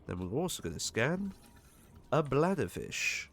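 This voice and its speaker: A man chats through his game in a casual, joking way, swearing when things go wrong. His voice sits on the low side. A faint hiss runs behind him. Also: expressive, unhurried. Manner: chatty, jokey, swears when startled. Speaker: gaming streamer. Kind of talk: casual gameplay commentary.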